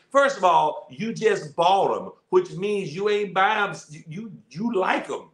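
A man's voice: sits high, lively intonation, measured pace, a bit bright. A man telling stories in a folksy, casual way as a guest on a talk show. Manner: folksy, repeats himself, laughs at his own stories. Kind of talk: casual conversation. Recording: roomy studio echo.

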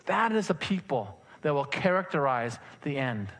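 A middle-aged man, a pastor, preaching a sermon with lively rhetorical questions to his congregation. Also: fairly high pitch, normal speed. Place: church sanctuary.

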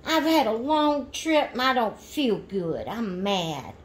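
A woman's voice: fairly high pitch, sing-song, slow pace, roomy sound, slight background noise. A woman voicing a grumpy baby girl doll who whines and pouts about being cranky after a long trip. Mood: pouty, cross. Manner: pouty, whiny complaining.

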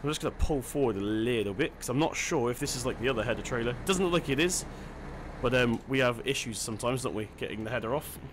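A man's voice: mid-range voice, animated, quick pace, a bit bright, slight background noise. A man giving casual let's-play commentary, chatty and self-deprecating, thinking aloud as he plays. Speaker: gaming channel host.

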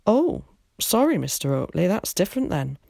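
A woman's voice: fairly low pitch, very animated, moderate pace, vocal fry, warm tone, breathy edge, dry recording, clean studio sound, heavily acted. Brief: woman playing a stocky, grumbling village grocer, storybook read-aloud. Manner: blunt, grumbling. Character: short stocky middle-aged shopkeeper, suspicious and blunt.

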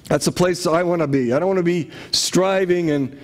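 A man's voice: high voice, moderate pace, darkish tone. A man preaching a sermon to his congregation in a conversational way, often asking rhetorical questions. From Connecticut. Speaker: pastor.

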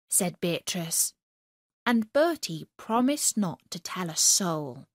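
A woman narrating a children's story for English learners in a clear, expressive way. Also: lowish voice, slow pace, no echo, clean studio sound.

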